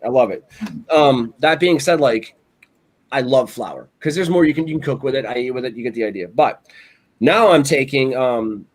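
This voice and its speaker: A man's voice: medium pitch, normal speed. A man co-hosting a casual podcast, telling rambling stories full of "like" and "you know what I'm saying". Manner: rambling storyteller, animated, lots of "like" and "you know". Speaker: podcast co-host. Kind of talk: casual chat.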